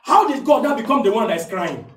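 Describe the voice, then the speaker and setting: Nigerian pastor guy preaching loud, high voice that swings all over, roomy echo, kinda far from the mic. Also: big pitch swings. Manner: impassioned preaching, shouts and slows down for emphasis. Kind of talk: sermon.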